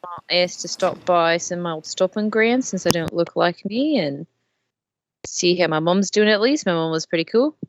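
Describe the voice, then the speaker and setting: A woman's voice: on the low side, moderate pace. A woman playing a character in a tabletop game, rambling with many fillers and casual swearing. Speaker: player. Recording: dull lo-fi mic with faint noise.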